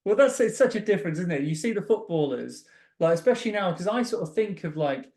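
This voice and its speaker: A man in his forties, a podcast host chatting casually and warmly with a guest. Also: high voice, animated, fast talker. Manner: friendly, chatty interviewer. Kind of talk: casual chat.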